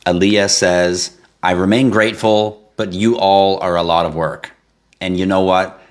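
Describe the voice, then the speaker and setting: A man hosting a live stream, reading viewer comments in a casual, animated way, laughing and swearing now and then. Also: measured pace. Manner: animated, laughs and swears, jumps to high yelps for effect. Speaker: livestream host.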